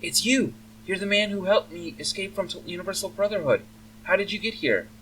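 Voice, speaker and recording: A man voicing a frightened, haunted young female elf who speaks in a high, urgent, pleading voice. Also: expressive, fairly quick, fairly bright tone, slight background noise. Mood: frantic. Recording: faint humming, slightly distant mic.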